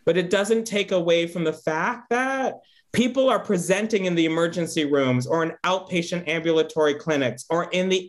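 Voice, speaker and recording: A man hosting a reflective interview, speaking earnestly and searchingly, often tagging his thoughts with "right?". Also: high-pitched. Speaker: host.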